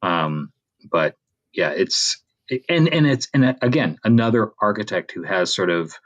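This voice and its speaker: A man's voice: fairly low pitch, expressive, measured pace, fairly bright tone, lo-fi sound. A Canadian-born man co-hosting a podcast in casual chat, rambling with many fillers and restarts. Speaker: podcast co-host.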